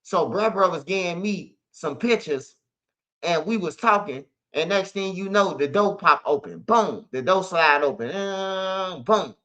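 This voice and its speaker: A man's voice: high-pitched, unhurried, sharp tone. A man, a show host telling stories in a casual monologue, heavy on street slang and "bro". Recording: slightly dull lo-fi audio.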